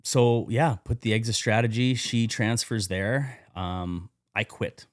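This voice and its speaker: A man's voice: lowish voice, fairly even intonation, takes it slowly, dry recording, studio quality. A man talking as a podcast guest, telling his own story candidly, swearing freely and acting out what he said back then. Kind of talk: casual storytelling interview.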